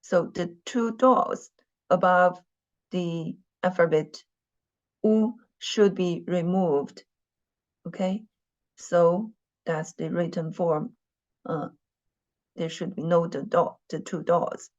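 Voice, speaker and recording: A woman's voice: lowish voice, steady tone, slow, long pauses. A woman teaching a Mandarin class in English, repeating phrases and using many fillers. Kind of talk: classroom lesson. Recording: dull lo-fi sound.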